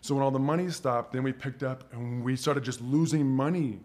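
A man's voice: mid-range voice, fairly even intonation, a little fast, darkish tone. A man with a mid-range voice tells his story in a loose, casual way, as a guest on a podcast. He talks with lots of energy, swears freely, and drops in plenty of filler words.

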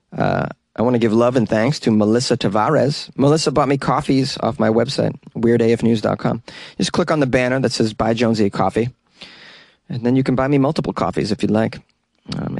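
A man's voice: medium pitch, quick pace, creaky, darkish tone, no room sound, clean studio sound. A man from the Boston area hosting a comedy news podcast, talking in a sarcastic, joking way and laughing at his own lines. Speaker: podcast host. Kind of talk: casual comedic monologue.

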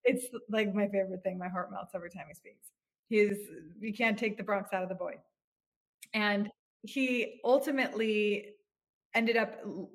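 A woman in her thirties, a psychotherapist, speaking earnestly and reflectively as a podcast guest, often restarting her phrases. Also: mid-range voice. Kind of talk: podcast interview.

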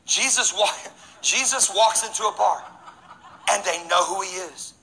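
A man preaching as pastor, energetic and joking, swinging between loud and hushed lines. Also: high voice, a little slow, creaky, poor audio. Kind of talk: sermon.

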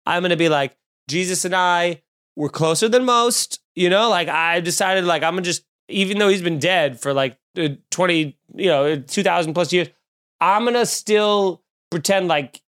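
A young man with a somewhat higher-pitched voice co-hosts a loose comedic chat. He riffs with sarcasm and profanity and slips into mock voices as he goes. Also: moderate pace, a bit bright, clear, resonant tone. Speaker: podcast co-host.

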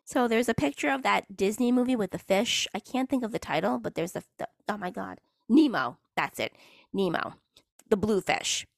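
Chatty woman podcaster, lively pitch. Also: normal speed, gravelly, no echo, clean studio sound. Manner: chatty, rambling, self-interrupting. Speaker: podcast host. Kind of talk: casual solo podcast monologue.

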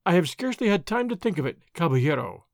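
A man reading aloud as a spirited, impatient young noble lady in an old adventure storybook, with a sharp, exasperated manner. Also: on the high side, sing-song, fast, creaky, no echo, clean studio sound.

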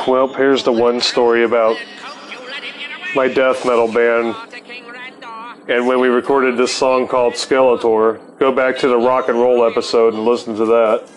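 A man's voice: medium pitch, level tone, unhurried, pauses often. A man in his forties telling rambling, profane stories in a laid-back stoner way as the host of his show. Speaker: podcast host. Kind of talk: casual storytelling.

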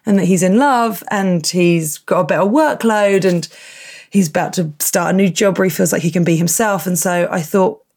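Croaky lady hosting her podcast, kinda low and gravelly, chatty. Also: moderate pace. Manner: warm enthusiastic interviewer, gasps and laughs. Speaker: podcast host. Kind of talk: casual chat, reading listener emails.

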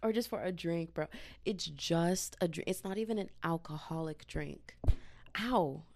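A woman's voice: lowish voice, unhurried, darkish tone. A woman hosting a solo podcast, ranting in a slangy, exasperated casual way into a podcast mic. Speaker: podcast host.

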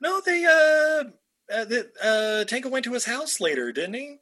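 A man's voice: very high-pitched, sing-song, normal speed, pushed and bright. A man co-hosting a casual movie podcast, joking, rambling and laughing often. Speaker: podcast co-host. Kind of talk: casual movie-review chat.

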